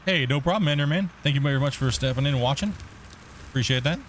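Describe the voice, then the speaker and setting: A man's voice: medium pitch, fast talker, a little hiss or hum. A man hosting a gaming livestream, rambling casually and chuckling as he talks to his chat.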